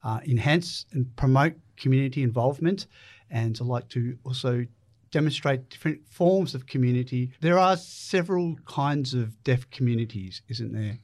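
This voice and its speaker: A male show host asking measured, curious interview questions. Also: medium pitch, a little mellow.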